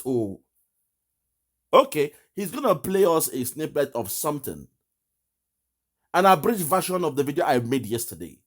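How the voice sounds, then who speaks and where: Guy ranting live, mocking, slightly high voice that jumps all over. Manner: emphatic, mocking, laughs at his opponent. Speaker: online political commentator. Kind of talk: impassioned live commentary.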